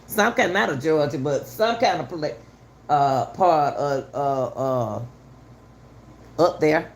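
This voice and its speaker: A middle-aged woman with a low voice and lively intonation speaks slowly. As a channel host commenting on a news case, she gives her viewers heated, casual commentary and repeats herself for emphasis.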